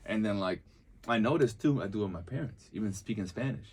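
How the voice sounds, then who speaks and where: A man's voice: fairly low pitch, brisk, husky. A young man from New York City, co-hosting a podcast in casual chat, telling stories and acting out what people said. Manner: animated storyteller acting out quoted people. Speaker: podcast co-host.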